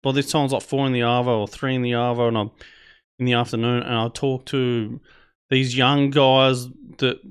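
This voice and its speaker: A man's voice: mid-range voice, little pitch movement, normal speed, clean tone. A man with an Australian accent telling a personal story on a podcast in a laid-back, chatty way, swearing freely and using plenty of fillers. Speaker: podcast host. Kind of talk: casual storytelling.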